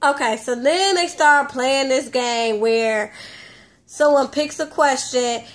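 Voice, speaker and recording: A woman with a high voice recaps a reality show in a loose, casual way. She is chatty and blunt and swears freely. She talks straight at her audience. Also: slow. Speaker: TV recap host.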